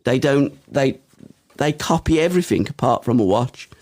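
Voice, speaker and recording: Brief: English male podcast co-host, gravelly voice, bouncy pitch, cheeky mock-deadpan banter. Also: normal speed. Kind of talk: casual banter.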